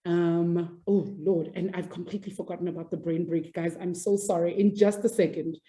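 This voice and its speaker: A woman maths teacher leading a live online class with a mellow, warm tone. She is upbeat and chatty, and she laughs easily and apologizes often as she walks learners through sums. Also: on the low side, steady tone, normal speed.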